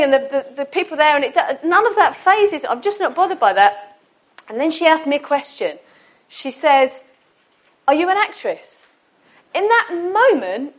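Woman, middle-aged, high voice, informal sermon, conversational restarts. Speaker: church speaker. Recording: dull lo-fi sound.

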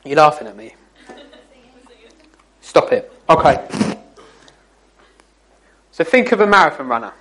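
Man, slightly high voice, informal youth talk, teasing, jokey. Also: sing-song, a little slow, long pauses, fairly bright tone, low-quality recording. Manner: jokey, chatty, teasing the listeners. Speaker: youth speaker. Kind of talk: informal talk to young people.

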